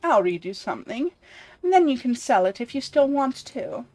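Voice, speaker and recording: A woman voicing an evil but wise woman who reads a fairy tale in a measured storybook cadence. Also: high voice, sing-song, warm tone. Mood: storytelling. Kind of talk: voicing game dialogue.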